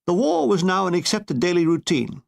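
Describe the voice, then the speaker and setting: A man reading a comic war memoir aloud in a wry, deadpan way. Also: sits high, moderate pace, creaky. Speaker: narrator.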